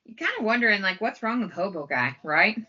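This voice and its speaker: A chatty woman co-hosts a movie podcast, talking animatedly and casually. Her voice is bright. The recording sounds a little dull and lo-fi. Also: medium pitch, fairly quick, husky. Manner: chatty, animated, laughs often. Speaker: podcast co-host. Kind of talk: casual film commentary chat.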